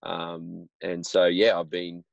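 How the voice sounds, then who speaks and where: A man's voice: low-pitched, monotone, slow, gravelly, dry recording. A man around forty, a basketball coach, speaking as an interview guest in a friendly way with easy laughter. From Australia. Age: 40s. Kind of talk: interview conversation. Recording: dry, muffled remote line.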